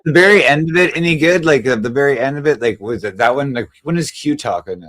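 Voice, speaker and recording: A man's voice: medium pitch, fast, a bit bright. A man hosting a live stream who asks rambling questions full of fillers. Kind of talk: casual live-stream chat.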